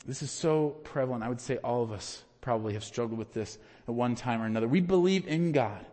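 A man preaching a sermon, swinging from loud emphatic peaks to hushed, quiet questions. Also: medium pitch, quick pace, big-room sound. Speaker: pastor.

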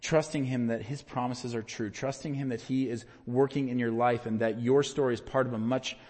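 A man preaching a sermon, swinging from loud emphatic peaks to hushed, quiet questions. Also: medium pitch, fairly even intonation, a little fast, long reverb tail. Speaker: pastor.

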